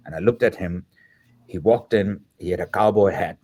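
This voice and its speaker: A filmmaker guest in his fifties speaks in a low, mellow, husky voice at a moderate pace. He tells a personal story reflectively, acting out what people said and using the odd filler word.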